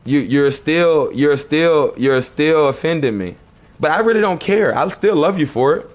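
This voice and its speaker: Higher-voiced man preaching at live chat. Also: animated, measured pace. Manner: confrontational, repeats phrases, preachy. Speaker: livestreamer. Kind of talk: arguing with live chat commenters.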